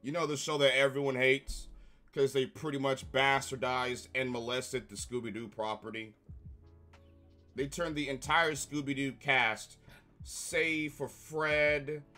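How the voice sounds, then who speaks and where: A man's voice: medium pitch, fairly even intonation, measured pace, pushed and bright, soft background music. A slightly ill man reviewing shows online, ranting angrily with heavy profanity and repetition. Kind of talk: angry commentary rant.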